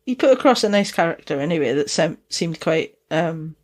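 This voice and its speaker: A woman's voice: sits low, expressive, brisk, a little mellow. A Scottish woman from Dundee, with a Dundonian accent touched by Geordie, co-hosting a podcast in casual, sweary, rambling chat and laughing often. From Scotland. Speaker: podcast co-host.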